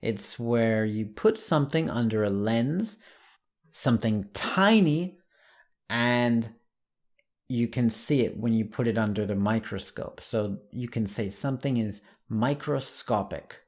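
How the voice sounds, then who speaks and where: A man teaching an English lesson online, saying example words slowly and clearly. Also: medium pitch, lively intonation.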